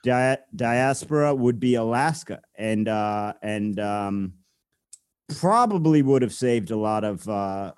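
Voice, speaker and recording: A man's voice: on the low side, animated, slow pace, darkish tone, clear, resonant tone, no room sound, studio quality. A man in casual chat, rambling and digressive as he explains things to his co-hosts.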